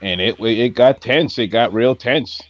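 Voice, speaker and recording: A man co-hosting a casual sports podcast, relaxed and quick to laugh. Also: medium pitch, dull audio. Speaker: podcast co-host.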